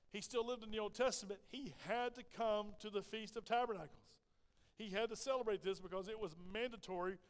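A man preaching a sermon, telling a personal story and acting out the voices of people in it. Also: high-pitched. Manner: animated storyteller, acts out quoted voices. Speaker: pastor. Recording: long hall reverb.

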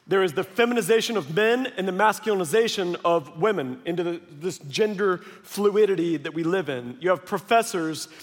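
Male pastor, high voice, lively storyteller preaching in a big reverberant church. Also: normal speed, hardly any pauses. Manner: animated storytelling with acted quotes. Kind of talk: sermon. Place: large church hall. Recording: long hall reverb.

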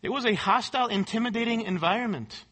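A man's voice: extremely high pitch, fast, a bit bright. A male pastor preaching a sermon, emphatic and rhetorical, repeating key words and asking the room for agreement.

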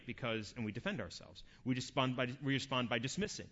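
A man preaching a sermon in an earnest way, often repeating and restarting words, building to forceful emphasis. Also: mid-range voice, quick pace, highs cut off. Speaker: pastor.

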